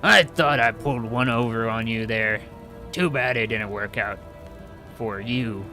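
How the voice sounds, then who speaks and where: A man's voice: mid-range voice, lively intonation, moderate pace, bright, forceful tone, soft background music. A man voicing a ruthless, fanatical male crusader who is secretly a traitor, bellowing and gloating as he reads the game's lines aloud.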